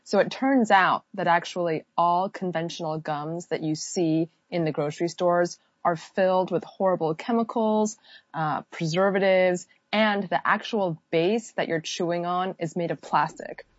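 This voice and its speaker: A woman's voice: lowish voice, moderate pace, no echo, highs cut off. A woman who founded a company, answering interview questions fluently and explaining her work at length. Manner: fluent, explanatory, many "so" openers.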